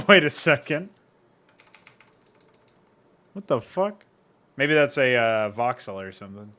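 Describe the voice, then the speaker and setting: Young man, casual streamer, crisp bright voice, relaxed and joking with chat. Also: medium pitch, slow pace. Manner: laid-back, joking, swears, reads out chat. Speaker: streamer and game modder.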